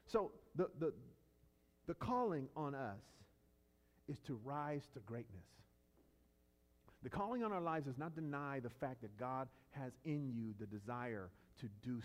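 A male pastor delivering a sermon in a somewhat high voice whose pitch moves a great deal. He shifts from loud, driving emphasis to soft, low statements. He breaks into casual, story-style asides full of fillers and restarts. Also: long reverb tail. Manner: dynamic preaching, swinging from loud emphatic peaks to low quiet lines.

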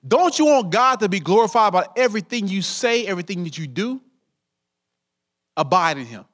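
A man's voice: high voice, fairly bright tone. A man preaching a sermon as pastor, calling his congregation saints and drawing them in with call-and-response questions.

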